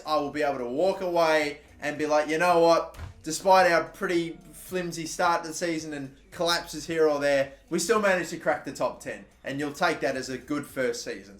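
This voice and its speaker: A man with an Australian accent commentating his own football video game session, excitable and swearing often, shouting at his players. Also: on the high side. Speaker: gaming YouTuber. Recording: echoey room with faint background noise.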